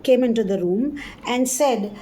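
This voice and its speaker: A woman's voice: a little high, dark tone, a little hiss or hum. Indian English woman teaching a story. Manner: explains slowly, repeats and paraphrases lines. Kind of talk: literature lesson, reading and explaining a story.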